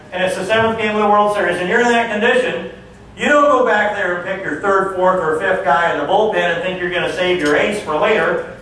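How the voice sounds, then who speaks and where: A man delivers a political stump speech in a folksy, mocking storytelling way. His voice sits fairly high. The sound is very echoey and distant, as if caught from the back of a big hall, with a faint hiss underneath. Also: fairly bright tone. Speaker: political speaker.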